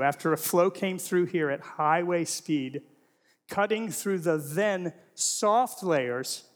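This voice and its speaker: A middle-aged man giving a humorous teaching presentation to a live audience, full of rhetorical questions and jokey asides. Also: fairly high pitch. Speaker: Christian apologetics speaker. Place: large hall before a live audience. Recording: long reverb of a large hall.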